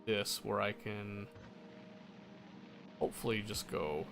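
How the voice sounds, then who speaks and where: Slow, easygoing male game streamer. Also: on the low side, creaky, music in the background. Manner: muttering to himself, self-correcting. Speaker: gameplay streamer. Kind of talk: casual gameplay commentary.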